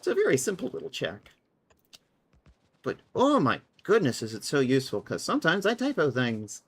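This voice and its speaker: A woman's voice: deep voice, huge pitch swings, moderate pace, slightly rough. A woman casually chatting and thinking aloud while she plays a game on a live stream, sometimes mocking herself. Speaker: livestreamer.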